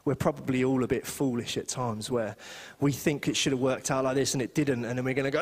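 A man preaching a sermon as pastor, chatty and animated, slipping into little voices for the people he quotes. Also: mid-range voice, a little fast, in a large hall. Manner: animated, conversational, acts out quotes. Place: church hall.

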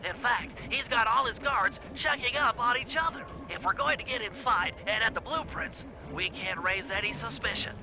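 An actor voicing a nerdy, fussy turtle strategist who lays out heist plans in an explanatory briefing tone. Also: male voice, very high-pitched, moderate pace, few pauses, rough recording. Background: game music.

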